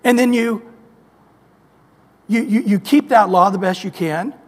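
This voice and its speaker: High-voiced man preaching in a hall. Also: a little slow. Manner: emphatic, repetitive preaching with scripture quotes. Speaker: pastor. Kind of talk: sermon. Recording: echoey hall with long reverb.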